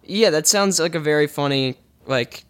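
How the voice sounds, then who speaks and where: A man's voice: a little high, moderate pace, fairly bright tone. A man co-hosting a podcast, reacting casually and swearing now and then. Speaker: podcast co-host. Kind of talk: casual chat.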